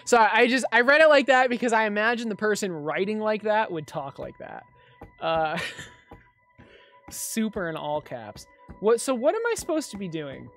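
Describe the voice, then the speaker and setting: A woman's voice: mid-range voice, lively intonation, normal speed, fairly bright tone, soft background music. A woman streamer chatting and reading game text aloud as she plays, with frequent laughs. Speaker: streamer playing a fan-made game. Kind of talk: live game commentary.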